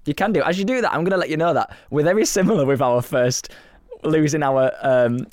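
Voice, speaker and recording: A man's voice: on the high side, a little fast, darkish tone, no echo, studio quality. A man co-hosting a podcast in a casual chat, teasing playfully and laughing often. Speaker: podcast co-host.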